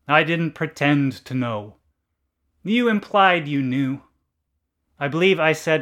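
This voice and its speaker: Guy reading a story real slow and deadpan, dry deliberate delivery. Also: on the high side. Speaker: narrator. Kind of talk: scripted story narration.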